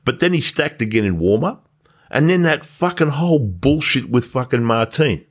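A man's voice: mid-range voice, expressive, moderate pace. A man co-hosting a casual chat, blunt and sweary with ranting bursts. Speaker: podcast co-host.

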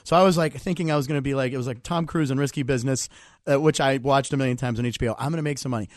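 A man's voice: mid-range voice, very fast, no echo, studio quality. A man in his forties from the Pittsburgh area, a comedian telling a story as a guest on a talk show. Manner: animated, acts out voices in his stories. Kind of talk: casual storytelling.

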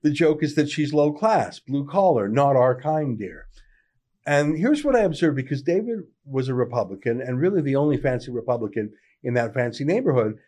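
A man with a medium-pitched, dark, expressive voice delivers a brisk political opinion monologue as a commentator, sardonic and conversational, full of dry mockery.

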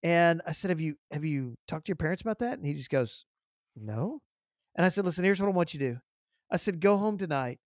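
A man hosts a podcast and tells stories, acting out the lines of the people in them. His voice sits a little high, and the sound is close and dry. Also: brisk, no room sound. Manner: animated storyteller, acts out dialogue, repeats words. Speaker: podcast host. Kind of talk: casual storytelling interview.

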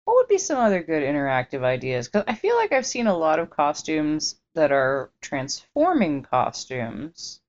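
A woman guest on a podcast, talking in a thoughtful, unhurried way that trails off. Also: low-pitched, huge pitch swings, lo-fi sound. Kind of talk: casual chat.

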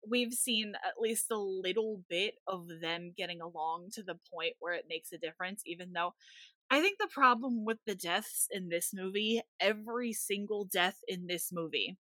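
A woman's voice: mid-range voice, normal speed, pushed and bright, dry recording. A woman co-hosting a casual movie podcast, recapping the plot with wry, sarcastic asides. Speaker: podcast co-host.

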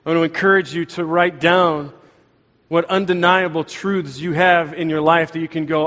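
A man's voice: fairly high pitch, fairly even intonation, normal speed, fairly bright tone, in a large hall. A man preaching a sermon as pastor, earnest and conversational, speaking in a church sanctuary.

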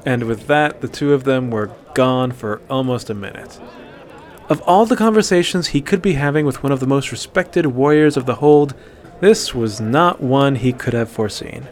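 A man narrating a fantasy story in a steady, even reading voice. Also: medium pitch, normal speed.

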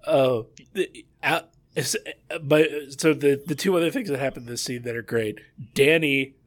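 A man co-hosting a podcast, recapping a show's scenes in casual chat with quick asides. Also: medium pitch, fairly bright tone. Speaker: podcast co-host.

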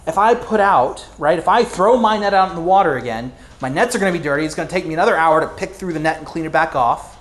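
A man's voice: on the high side, expressive, moderate pace, close to an everyday voice. A preacher voicing a weary, sarcastic fisherman. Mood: exasperated. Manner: sarcastic, grumbling complaint. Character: exhausted, exasperated grown fisherman.

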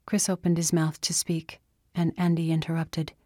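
A woman narrating a story in a steady storytelling manner. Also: low-pitched, normal speed, no room sound, studio quality. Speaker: audiobook narrator. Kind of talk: scripted narration.

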